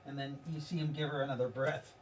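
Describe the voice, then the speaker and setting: A man running a tabletop game as game master, talking in a rambling, halting way and laughing at his own jokes. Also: medium pitch, little pitch movement, recorded from a distance, slight background noise.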